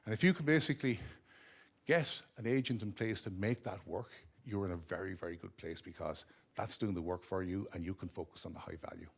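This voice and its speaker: Male presenter, gravelly, chatty conference talk, keeps checking in with "okay?". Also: sits low, a little fast. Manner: conversational, often checks in with "okay?". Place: conference room at a corporate office.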